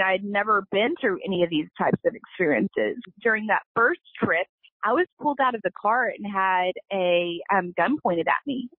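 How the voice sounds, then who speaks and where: A company founder appears as a guest in a casual storytelling interview, recounting her story earnestly and with emotion. Her voice sits in the mid-range, and the recording comes through a tinny, dry phone line with no room sound.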